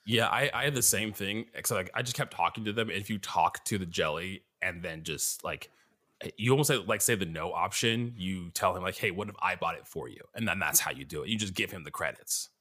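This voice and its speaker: A man casually explaining a video game tip to a friend, quick and eager. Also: deep voice, sharp tone. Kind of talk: casual chat.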